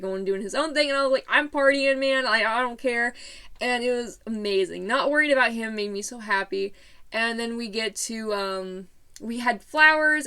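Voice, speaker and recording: A woman's voice: medium pitch, fairly bright tone, smooth. A teenage girl telling a story in a casual vlog, bubbly and rambling with lots of fillers. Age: late teens.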